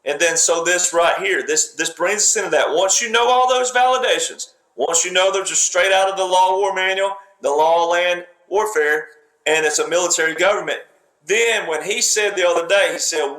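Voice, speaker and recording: This man's voice is high with a fairly bright tone and a normal pace as he gives political commentary. He's emphatic and lecturing, repeating points in fragmented speech. The room adds a spacious echo.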